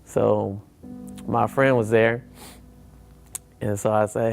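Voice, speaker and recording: A man sharing a personal testimony, animated, acting out the people in his story with big jumps in his voice. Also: on the low side, slow, vocal fry, pauses often, soft background music. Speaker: church member sharing testimony.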